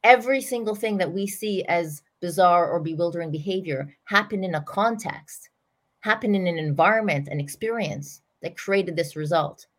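A middle-aged woman, a parenting coach, talking through an example in an earnest, animated way as a podcast guest. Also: fairly low pitch, moderate pace. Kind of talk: storytelling explanation in an interview.

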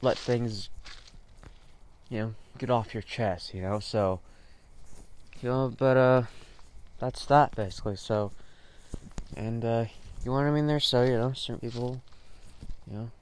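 A podcast host delivers a rambling solo monologue in a medium-pitched male voice, moving at a measured pace with long pauses. His talk is thick with fillers and swearing, and it flares up in sudden bursts of frustration. There is slight background noise.

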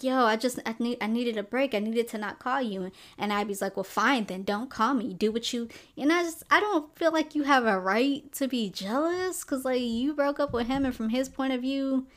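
A young woman hosting a podcast, casually recapping and reviewing a novel with sassy asides and quick acted-out quotes. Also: a little high. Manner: chatty, sassy asides, acts out characters' lines. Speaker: podcast host. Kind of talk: casual book review chat.

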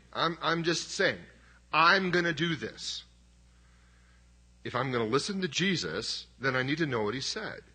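A man's voice: mid-range voice, bright, forceful tone, breathy edge. A middle-aged man preaching a sermon as pastor, conversational and emphatic, with self-deprecating humor.

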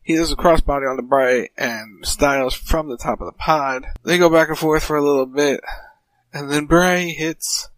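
A man co-hosting a wrestling talk show, recapping a match in brisk play-by-play. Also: fairly high pitch, fairly bright tone, dry recording, poor audio. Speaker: podcast co-host.

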